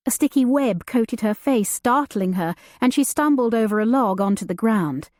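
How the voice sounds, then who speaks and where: A woman reading an audiobook as narrator, in a measured, deliberate storytelling manner. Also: a little high, expressive, a little mellow, no room sound, clean studio sound. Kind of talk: scripted narration.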